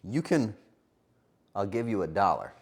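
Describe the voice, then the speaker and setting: Playful streamer guy joking with chat while cooking, pitch all over the place. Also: sing-song, a little slow, breathy edge.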